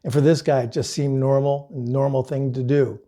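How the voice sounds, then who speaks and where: Mellow-voiced man telling a sales lesson. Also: medium pitch, level tone, a little fast. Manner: conversational, earnest, with casual fillers. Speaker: sales coach.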